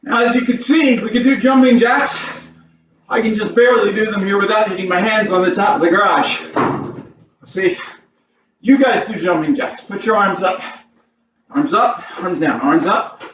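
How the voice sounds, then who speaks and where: A karate instructor with an American accent leading a warm-up class from his home garage, upbeat and counting reps in Japanese. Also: sits high, normal speed, muffled recording, slight background noise. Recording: echoey garage mic from a distance.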